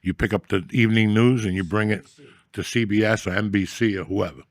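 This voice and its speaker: Gravelly low-voiced man telling street stories. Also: steady tone, brisk, no echo, clean studio sound. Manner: rambling, streetwise, swears often. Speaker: comedian guest. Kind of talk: profane storytelling on a podcast.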